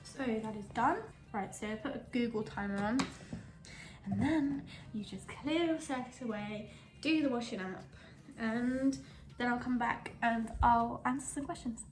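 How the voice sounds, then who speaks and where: A young woman with a slightly high voice chats away in a casual kitchen vlog, rambling and giggly, a little out of breath. She is picked up by a camera mic that catches faint background noise. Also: a little slow. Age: young adult. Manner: chatty, rambling, giggly asides. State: a bit out of breath. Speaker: lifestyle blogger. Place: home kitchen, indoors.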